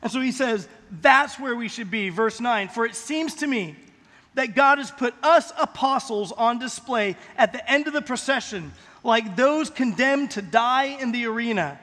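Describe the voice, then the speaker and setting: A man preaching a sermon as pastor, emphatic, slowing down and rising on the key phrases. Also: extremely high pitch, sharp tone, big-room sound.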